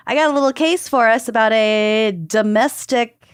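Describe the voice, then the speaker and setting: A woman's voice: on the high side, normal speed, smooth, dry recording, clean studio sound. A woman co-hosting a podcast in casual, teasing banter, laughing often. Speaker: podcast co-host. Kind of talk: casual chat.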